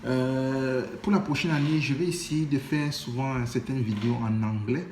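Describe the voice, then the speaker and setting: A young African man speaking with a French accent in a casual vlog monologue, halting, with many restarts and fillers. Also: medium pitch, fairly even intonation, darkish tone, echoey room, slight background noise. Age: young adult. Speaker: vlogger.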